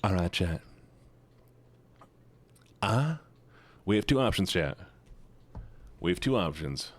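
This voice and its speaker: Talking at a slow pace with big swings in pitch, a man chats casually with his stream viewers, and there's no echo. He's playful and self-deprecating, often joking about himself, with sudden pitch jumps.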